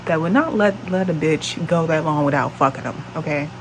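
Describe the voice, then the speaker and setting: A woman's voice: low voice, moderate pace, noisy background. A woman in her late twenties telling a dating story on her vlog in a blunt, profane, exasperated way. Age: late 20s. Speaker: vlogger.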